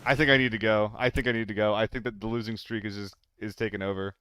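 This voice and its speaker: A man's voice: fairly low pitch, fairly even intonation, fast, a bit bright, clear, resonant tone. A young man live-streaming a shooter game, chatting loosely with viewers, swearing and getting flustered in fights. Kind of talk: casual live-stream chat while gaming.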